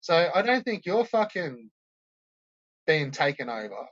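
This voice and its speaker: A man's voice: fairly high pitch, sing-song, a little slow, fairly bright tone, dull audio. A man hosting a stream, ranting and mocking viewers with constant swearing. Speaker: host of a troll-reaction stream. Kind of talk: profane ranting commentary.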